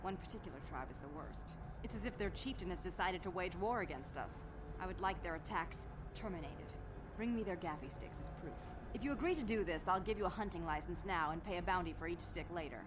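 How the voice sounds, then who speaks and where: A woman plays a businesslike company clerk who dodges questions and guards her job. She rattles off her lines quickly in a lowish voice. Game audio with clear background noise. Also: expressive, close to an everyday voice. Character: officious corporate office woman, evasive.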